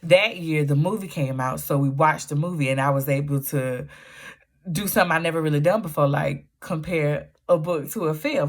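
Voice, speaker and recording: A woman from the US South talks casually to her vlog audience about books. Her voice sits low, and her storytelling is lively and full of Southern Black vernacular. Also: moderate pace. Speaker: book vlogger.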